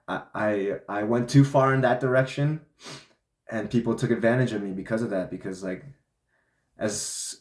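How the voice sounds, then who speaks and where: A young man vlogging, telling a personal story in a loose, candid way, swearing and filling with "like". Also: lowish voice. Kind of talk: casual storytelling monologue. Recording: echoey room.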